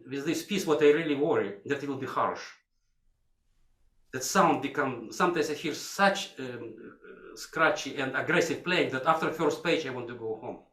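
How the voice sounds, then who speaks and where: An older violin teacher leads a masterclass in broken English, singing phrases as demonstrations while a violin plays in an echoey hall. His voice is medium in pitch with a fairly bright tone.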